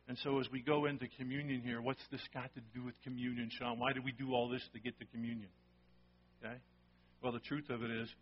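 A man's voice: medium pitch, lo-fi sound. A male pastor preaching a sermon in church. He talks conversationally to the congregation and keeps checking in with "okay?" and "right?".

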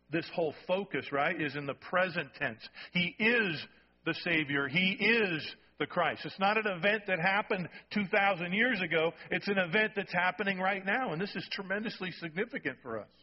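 Male preacher, emphatic sermon delivery, husky tone, recorded dull in a reverberant hall. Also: sits high. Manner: emphatic, repeats key phrases, asks the congregation "okay?". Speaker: pastor.

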